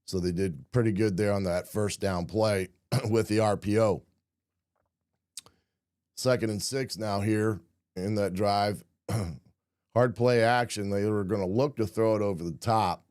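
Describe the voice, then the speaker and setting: A hoarse man hosting a casual football film breakdown, often clearing his throat and filling pauses with "uh" and "um". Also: on the low side, steady tone, a little mellow, no room sound, clean studio sound. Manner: frequent throat clearing, many fillers. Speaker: football analyst host.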